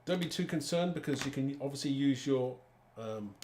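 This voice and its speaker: A man's voice: medium pitch, normal speed, a little mellow. Brief: man, live craft demo host, chatty, in a roomy echoey studio with faint noise. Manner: chatty, talks to viewers while working. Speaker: card-making demonstrator.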